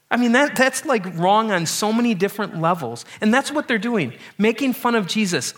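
Guy preaching a sermon, kinda high voice, earnest, repeats himself for emphasis. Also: very animated, fairly quick, hardly any pauses, a bit bright. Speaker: pastor.

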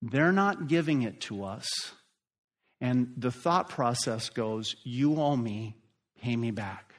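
A man's voice: medium pitch, lively intonation. A middle-aged male pastor preaching a sermon, emphatic and building in force at key points. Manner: slow, emphatic preaching that rises and drops in force.

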